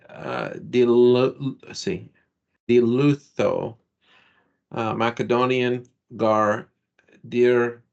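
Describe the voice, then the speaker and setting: Male student, slow and gravelly, halting reader; muffled class tape. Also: medium pitch. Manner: halting reading of Greek, slow and careful. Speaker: student reading aloud in class. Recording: dull lo-fi classroom recording.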